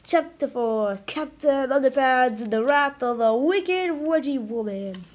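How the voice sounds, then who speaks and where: Halting woman reading a kids' book. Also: high-pitched, lively intonation, muffled recording. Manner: halting, with stumbles and self-corrections. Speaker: reader. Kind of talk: reading a children's book aloud.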